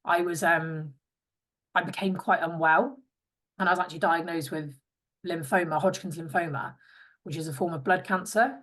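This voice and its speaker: A chatty young woman from England talks as a podcast guest in a lowish voice. She tells her story with lively bits of quoted dialogue, voicing the people she remembers. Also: normal speed. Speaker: guest, former rugby player. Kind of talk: casual interview chat.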